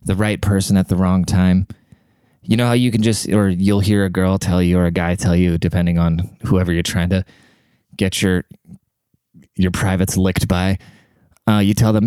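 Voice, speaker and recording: Quiet low-voiced man in his thirties. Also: little pitch movement, moderate pace, clean tone, dry recording. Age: 30s. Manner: quiet, half-whispered, rambling and profane. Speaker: vlogger. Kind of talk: casual rambling monologue to camera.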